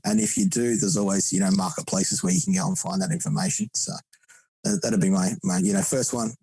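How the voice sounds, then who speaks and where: A man's voice: fairly low pitch, darkish tone, no echo, low-quality recording. A man chatting casually as a podcast guest, rambling with frequent restarts. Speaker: podcast guest, barbecue competitor.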